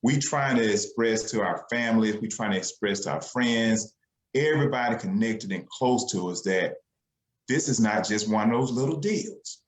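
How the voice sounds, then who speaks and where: A man's voice: on the low side, normal speed. A man giving a fervent motivational sales talk on a conference call, stacking repeated phrases. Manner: fervent, repetitive, builds up phrases. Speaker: speaker on a business call. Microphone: conference call line. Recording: echoey call audio.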